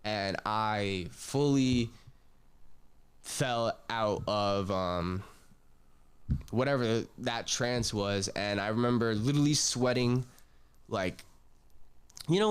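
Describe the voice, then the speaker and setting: Low, smooth-voiced young man telling his story. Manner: loose, slangy, swearing, trailing off and restarting. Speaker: podcast host. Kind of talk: personal storytelling monologue.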